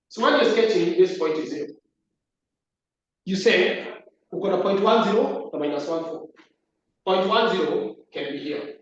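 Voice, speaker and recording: A man teaching a maths class at the board, repeating key terms and asking the class questions. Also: sits high. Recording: echoey room, distant lo-fi mic.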